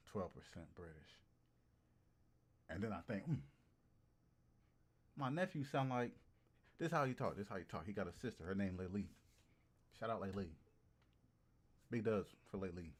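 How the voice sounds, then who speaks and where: A man casually chatting to his livestream audience, animated and slangy, repeating phrases for emphasis. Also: fairly low pitch, normal speed, long pauses. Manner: slangy and profane. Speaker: streamer.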